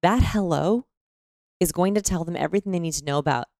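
A woman with a low, gravelly voice explains things conversationally, breaking into voice demonstrations mid-sentence. The sound is close and dry, with no room around her. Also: quick pace, darkish tone, dry recording.

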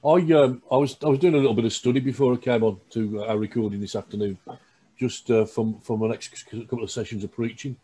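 A man hosting as pastor, speaking in a gentle, affirming way. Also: medium pitch, fairly even intonation, quick pace, husky. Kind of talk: casual chat.

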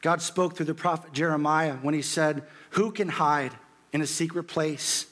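A hoarse man in his thirties preaching a sermon, his voice sitting a little high for a man. He climbs higher and louder when he reads scripture aloud. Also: normal speed. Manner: rises in pitch and volume when quoting scripture. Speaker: pastor.

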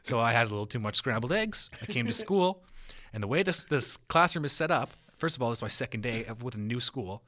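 Fast-talking, bright-voiced young man. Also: medium pitch, animated. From Canada. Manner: fast, chatty, swearing. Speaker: podcast co-host. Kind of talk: casual chat.

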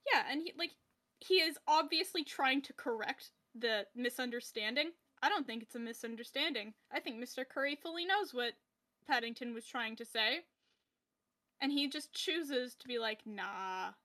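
A woman with a high, very bright voice co-hosts a podcast in casual chat. She is wry and quick, laughs often, and leans on "like" as she talks. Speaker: podcast co-host.

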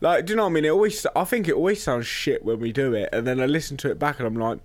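A man's voice: medium pitch, racing. A young man co-hosting a podcast in casual chat, brash, sweary and teasing. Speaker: podcast co-host.

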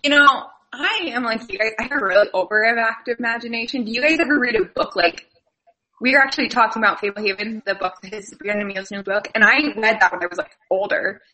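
A woman telling stories excitedly in a casual group chat. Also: a little high, fast talker, low-quality recording. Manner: animated, excitable storytelling.

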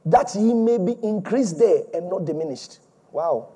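A male preacher delivering an emphatic, repetitive sermon that swings between loud and soft. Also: on the high side, expressive, normal speed, slightly rough.

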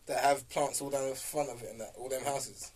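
A man's voice: mid-range voice, steady tone, darkish tone, a little hiss or hum. A young man, co-hosting a casual, argumentative podcast chat full of slang and jokes. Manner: fast, argumentative, jokey with slang. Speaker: podcast co-host.

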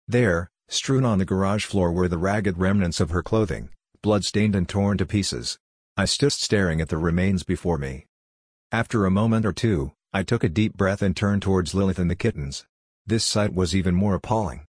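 Deep voiced guy reading a horror novel, slow and grave, dry close sound. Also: slightly rough, dry recording. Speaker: audiobook narrator. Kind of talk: first-person horror novel narration.

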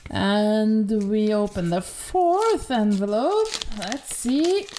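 Slow-talking woman, mellow voice. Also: medium pitch, animated, slight background noise. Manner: hesitant and playful, many pauses while reading results. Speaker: podcast co-host. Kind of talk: casual podcast chat.

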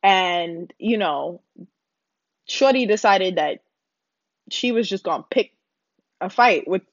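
A woman's voice: mid-range voice, takes it slowly, no echo, dull audio. A young woman, telling a blunt, profane storytime rant to her viewers. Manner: blunt, loud, profane, animated. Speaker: vlogger. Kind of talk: casual ranting storytime.

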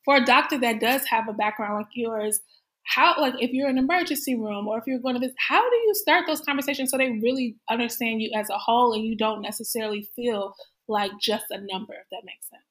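A woman's voice: a little high, fast, fairly bright tone. A woman hosting a podcast, asking questions eagerly and thinking aloud with lots of "like". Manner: enthusiastic, thinks aloud with fillers. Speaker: podcast host. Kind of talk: conversational interview.

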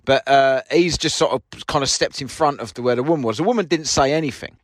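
A podcast host with a brisk, medium-pitched voice and no echo mocks and swears through a story told from his parked car. In this casual monologue he plays both sides of an argument himself.

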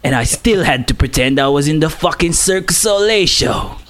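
A man putting on a Cockney accent to play a boastful, hard-boiled male spy, bragging slowly and deadpan. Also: a little high, slight background noise. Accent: Cockney, as put on.

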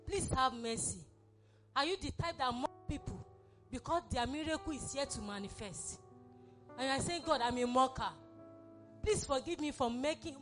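A woman pastor, preaching a sermon and leading an altar call with fervent, repeated exhortations. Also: high-pitched. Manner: fervent, repetitive exhortation, acted prayers.

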